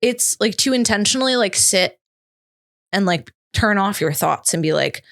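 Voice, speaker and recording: A woman's voice: mid-range voice, animated, moderate pace, a bit bright. A woman guest on a podcast, talking reflectively with lots of "like" and getting emotional. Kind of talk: casual chat.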